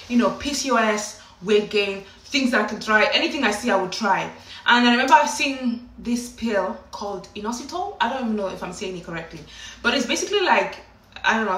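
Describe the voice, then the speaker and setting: A woman vlogger telling her own story in a casual, animated, dramatic way, often breaking into laughs. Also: mid-range voice. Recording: roomy echo, mic at a distance.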